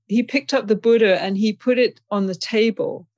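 A woman's voice: medium pitch, normal speed, darkish tone, dry recording. Chatty woman telling stories. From England. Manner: chatty, anecdotal, laughs often. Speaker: interview guest. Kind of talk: storytelling in a conversation.

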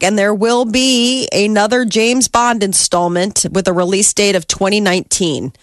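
A woman co-hosting a morning radio show, running through entertainment news in a chatty, giggly way. She uses a lot of fillers. Her voice sits at a mid pitch in a dry, close studio sound. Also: steady tone, moderate pace, hardly any pauses, dry recording. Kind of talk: casual morning radio chat.

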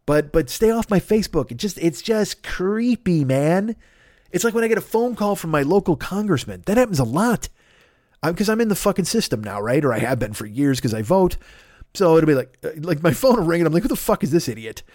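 Animated, profane man in his fifties. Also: on the high side, a little fast, dry recording, studio quality. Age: 50s. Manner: animated ranting, swearing a lot. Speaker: podcast host. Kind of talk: profane comedic monologue.

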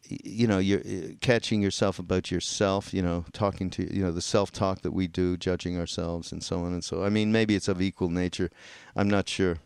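A man's voice: deep voice, darkish tone, clean tone, dry recording, studio quality. A man in casual conversation who rambles and hesitates, laughing now and then as he retells an article. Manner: rambling, hesitant, laughs while telling a story.

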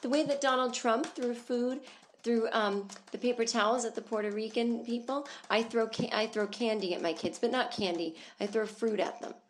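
A woman's voice: fairly high pitch, normal speed, slight background noise, voice pushed up, close to an everyday voice. A woman voicing a smug, preachy suburban mother who defends herself. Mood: defensive. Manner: sanctimonious, defensive.

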